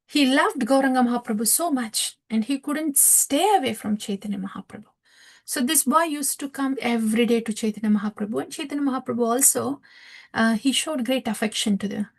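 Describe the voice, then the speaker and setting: A woman giving a scripture class who tells a story in a soft voice, often sinking to a breathy near-whisper. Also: on the high side. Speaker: scripture teacher.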